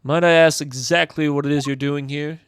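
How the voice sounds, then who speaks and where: A man's voice: on the high side, fairly even intonation, moderate pace, a little hiss or hum, lightly acted. A man doing a curt young woman detective. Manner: curt, dismissive.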